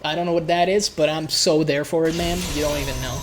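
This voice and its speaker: A man's voice: fairly high pitch, fairly even intonation, fast, noisy background. A man talks through a video game he is streaming live, loose and irreverent. His thoughts come in bursts, and he doubles back on a word before pressing on. The tone stays offhand and conversational. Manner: loose, irreverent, often repeating words as he restarts. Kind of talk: live gameplay commentary.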